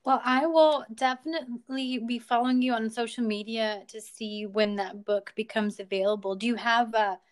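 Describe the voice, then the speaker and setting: A woman's voice: on the high side, steady tone, normal speed, hardly any pauses. A woman hosting an interview, chatty and encouraging toward her guest. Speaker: host. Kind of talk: casual interview.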